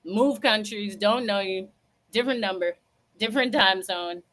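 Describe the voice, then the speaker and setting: A woman hosting a casual livestream, telling a story in an animated, emphatic, sassy way and laughing as she goes. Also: medium pitch, normal speed. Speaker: livestream host.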